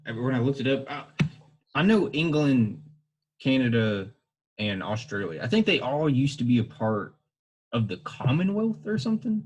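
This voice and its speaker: A young podcast co-host with a husky voice chats casually, his pitch swinging up and down in a lively way. He rambles and hedges, often correcting himself mid-thought, at normal speed on dull-sounding audio.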